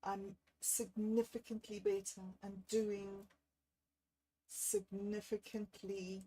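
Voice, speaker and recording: A woman, talking on a livestream about a bad day. She thinks aloud in a candid, self-deprecating way and sounds low and unwell. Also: flat delivery, slow pace, dark tone, poor audio. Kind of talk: rambling personal livestream.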